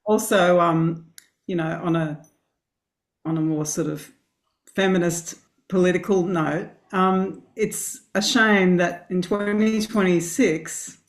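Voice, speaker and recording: Woman, middle-aged, band member, hesitant, thoughtful, pauses with um. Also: lowish voice, fairly even intonation. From Australia. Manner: hesitant, many ums, thoughtful. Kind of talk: casual interview answers.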